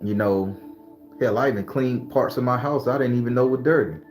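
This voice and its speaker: Streaming tarot host, male, mid-pitched voice, loose and profane, laughs a lot, faint music behind. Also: a little fast. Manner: animated, profane, laughs often; preachy pep talk. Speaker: tarot reader and spell worker hosting a live stream. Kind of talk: casual live-stream chat, greeting viewers.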